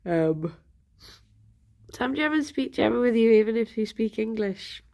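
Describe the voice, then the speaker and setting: Slow, chatty giggly woman streamer. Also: fairly high pitch, animated, vocal fry, a little mellow. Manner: chatty, rambling, giggly with many ums. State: a little bunged up. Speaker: livestream host. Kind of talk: casual chat with chat viewers.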